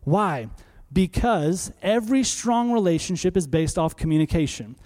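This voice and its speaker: A man in his thirties delivers a sermon, talking to the congregation as if chatting with them and firing off rhetorical questions. His voice sits a little high, yet its tone is mellow and warm. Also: normal speed. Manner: animated, conversational preaching with rhetorical questions. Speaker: pastor.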